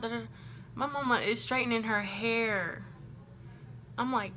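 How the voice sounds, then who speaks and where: A bright, clear-toned young woman from Texas talks straight to her camera, chatty and animated, acting out every quote. A faint room ambience sits behind her voice. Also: medium pitch, slow pace, long pauses, slight background noise. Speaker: vlogger. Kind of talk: casual storytime.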